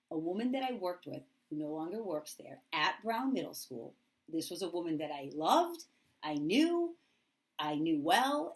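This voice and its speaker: Expressive woman telling a personal story. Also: sits low. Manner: candid and expressive, acts out remembered dialogue. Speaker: middle school teacher.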